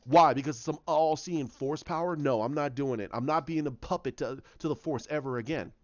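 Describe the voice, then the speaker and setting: A man voicing a defiant, bitter young male dark warrior who scornfully refuses his duty, on a dull, dry recording. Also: a little high, fairly quick, dry recording, natural voice.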